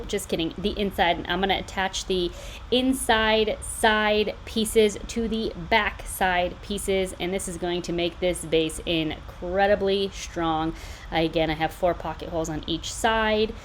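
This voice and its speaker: A woman's voice: lowish voice, slight background noise, poor audio. A woman in her thirties hosting a DIY tutorial, explaining the steps in an upbeat, chatty way with casual asides. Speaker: DIY builder and tutorial host. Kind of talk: step-by-step DIY tutorial voice-over.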